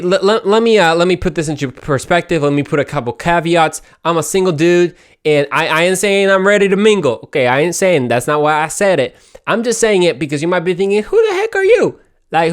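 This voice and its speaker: Young male podcast host, casual solo talk, playful and upbeat, voice slightly high and very clean. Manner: upbeat and chatty, with playful asides.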